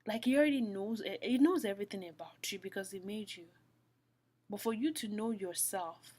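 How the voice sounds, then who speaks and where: An earnest woman speaks an informal devotional message to the listener. She repeats phrases for emphasis and often sinks into a soft, close whisper before her voice rises again with conviction. Her pitch sits in a middling range. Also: normal speed, slightly rough. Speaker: Christian speaker. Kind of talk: heartfelt spoken devotional talk.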